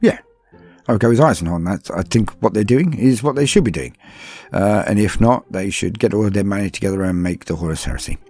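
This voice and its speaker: A British man from London talks through patron questions in a loose, conversational way, often pausing on ums and poking fun at himself. His voice sits low and a little husky. Faint music plays quietly behind him. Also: animated. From London, England. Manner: chatty and self-deprecating, with frequent ums and asides. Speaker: podcast host answering patron questions. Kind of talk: casual Q&A chat.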